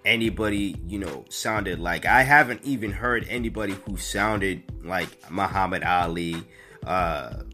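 A man's voice: lowish voice, pushed and bright. A young man hosting a podcast alone, giving casual, opinionated commentary that rambles with fillers and restarts. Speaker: podcast host.

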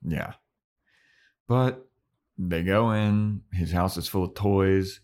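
A young man co-hosting a podcast, casually recapping a TV episode with animated retellings and frequent laughter. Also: low voice, slow. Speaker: podcast co-host.

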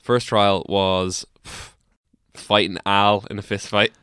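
Laughing podcast storyteller. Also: male voice, lowish voice, slow pace, clean tone, no echo, studio quality. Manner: laughing, animated, swears freely. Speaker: podcast co-host. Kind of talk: casual storytelling banter.

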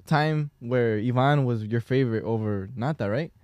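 A man's voice: medium pitch, normal speed, a little mellow, dry recording, muffled recording. Hesitant man in dry casual chat. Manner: hesitant, restarts often.

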